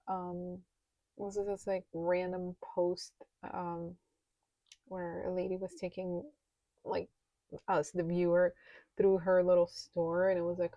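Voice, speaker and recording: A woman's voice: fairly low pitch, dark tone, dry recording. A woman vlogger chatting casually while counting cash into budget envelopes aloud, sometimes dropping to a near-whisper.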